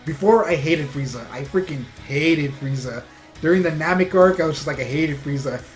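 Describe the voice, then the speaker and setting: A man's voice: fairly high pitch, normal speed, faint music behind. A man giving a casual, rambling recap of an anime episode, full of fillers and restarts. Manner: rambling, filler-heavy retelling with frequent restarts. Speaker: anime reviewer.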